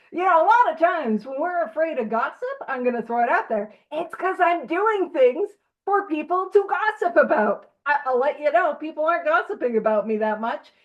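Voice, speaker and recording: Animated high-voiced woman leading a study. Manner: animated, playful, laughs often. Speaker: recovery study group leader. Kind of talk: casual teaching talk. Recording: dull lo-fi audio.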